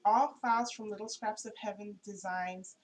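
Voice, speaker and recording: Casual craft-tutorial host, a woman with a medium-pitched voice, chatty and self-correcting, over faint background hiss. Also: steady tone, normal speed, low-quality recording. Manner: chatty, homey, corrects herself as she goes.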